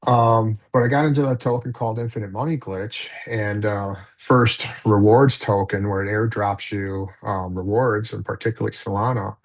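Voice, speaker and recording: Male guest, lower-pitched voice, loose rambling storyteller with many fillers and restarts. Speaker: podcast guest. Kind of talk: casual storytelling in conversation.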